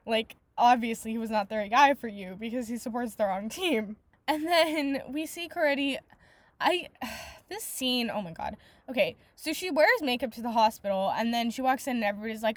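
High-voiced woman ranting about a book. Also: animated, brisk, a bit bright, no room sound. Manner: rants exasperatedly, swears often, many "like" fillers. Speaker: book podcast host. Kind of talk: casual book review monologue.

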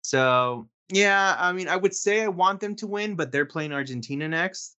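Male co-host, bright forceful tone, laid-back chatty delivery. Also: sits high, animated, normal speed, clear, resonant tone. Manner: laid-back, chatty, says dude and um often. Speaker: podcast co-host. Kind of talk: casual chat.

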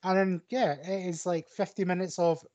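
A man's voice: sits high, steady tone, normal speed, darkish tone, dry recording, lo-fi sound. Enthusiastic man, dry audio. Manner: enthusiastic, quoting himself. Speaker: podcast co-host. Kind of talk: casual film chat.

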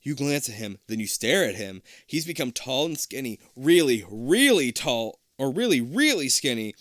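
A man reads a storybook aloud casually, his pitch bouncing around as he goes. He drops in jokey asides, and the recording is dry and close. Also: very animated, moderate pace, hardly any pauses, fairly bright tone, no room sound. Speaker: reader.

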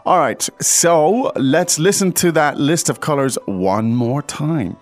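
A man's voice: on the high side, takes it slowly, soft background music. A man hosting a language lesson, prompting his co-host with questions and plenty of fillers. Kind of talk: casual teaching chat.

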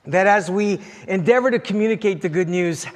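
Conversational pastor in a reverberant church. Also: male voice, high voice, a little fast. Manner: conversational, anecdotal. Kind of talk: sermon. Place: church sanctuary.

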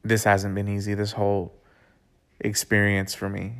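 A man telling a personal story in a loose, casual way, swearing often and filling pauses with "like" and restarts. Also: on the low side, completely flat delivery. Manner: loose and profane, with frequent "like" fillers and restarts. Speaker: storyteller recounting his own experience. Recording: clear music playing under the voice. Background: music.

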